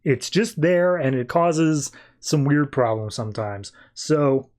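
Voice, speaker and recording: A man's voice: fairly high pitch, lively intonation, slow pace, darkish tone. A man hosting a podcast, recapping a comic book in a rambling, informal way with many fillers. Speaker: podcast host.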